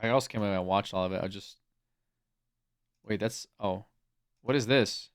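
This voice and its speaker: A man's voice: lowish voice, normal speed. A man chatting casually with his live-stream chat from home, swearing freely and laughing a lot as he talks. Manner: drops to a soft hushed coo when calling his cat. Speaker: livestreamer.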